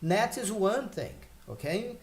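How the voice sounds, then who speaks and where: A man teaching English vocabulary in a relaxed, explanatory way, pausing with fillers and checking in with "okay?" and "right?". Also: high voice. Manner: explains slowly with many fillers and check questions. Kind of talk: casual spoken lesson.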